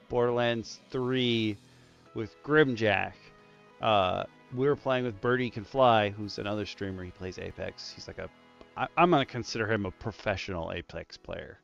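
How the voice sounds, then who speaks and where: A man hosting a casual roundtable stream, telling stories with lively jumps in his voice. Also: medium pitch, gravelly, clear, resonant tone, highs cut off. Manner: animated storyteller, voice jumps up in punchlines. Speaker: stream host, dungeon master.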